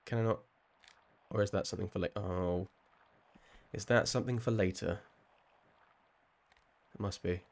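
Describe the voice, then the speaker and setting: A man's voice: deep voice, fairly even intonation, normal speed, long pauses. A man with a southern English accent, chatting casually with viewers while playing a game on a live stream, rambling and laughing often. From southern England.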